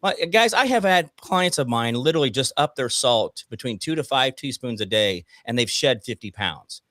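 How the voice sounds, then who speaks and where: Animated man telling a story. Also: mid-range voice, normal speed, no room sound, clean studio sound. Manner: animated storyteller, acts out quotes, swears casually. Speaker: co-host. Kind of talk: casual chat, storytelling.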